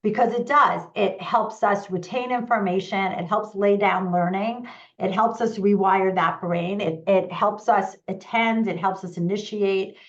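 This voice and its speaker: A woman hosting a live online conversation as a parenting coach, upbeat and eager, rattling off points in quick runs. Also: mid-range voice, steady tone, muffled recording.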